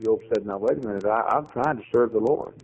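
A man preaching a sermon, telling a story with acted dialogue and swings to loud, high emphatic climaxes. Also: fast, lo-fi sound.

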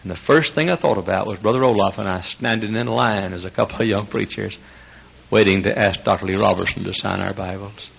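Brisk and gravelly, an older Texas-born pastor with a Texan accent shifts from tender, hushed lows to high shouting in his sermon, chuckling frequently. The audio is poor, with slight background noise.

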